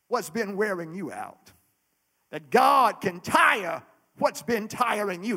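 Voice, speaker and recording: A man preaching a sermon in a rising and falling cadence, repeating his words and swelling to shouts. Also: high-pitched, very animated, slow.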